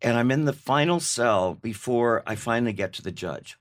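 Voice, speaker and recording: An older man telling an animated anecdote in a casual chat, laughing as he goes. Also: medium pitch, normal speed. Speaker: guest.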